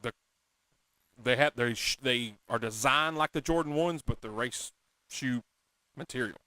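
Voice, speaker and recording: A man hosting a casual talk show, telling a story in an animated, excitable, self-mocking way. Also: medium pitch, unhurried, no room sound. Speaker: podcast host.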